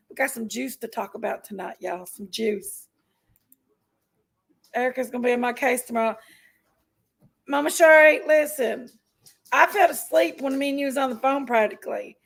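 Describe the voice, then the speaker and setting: A woman's voice: sits high, gravelly, low-quality recording. A woman hosting a casual livestream, chatty and folksy, greeting viewers by name while feeling unwell with an upset stomach. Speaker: livestream host.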